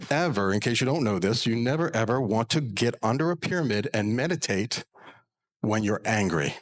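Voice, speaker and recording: A man's voice: medium pitch, a bit bright, low-quality recording. A middle-aged man, a spiritual healer, telling stories and teaching pyramid meditation in an earnest, folksy way, often adding "right?" to his points. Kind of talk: storytelling monologue.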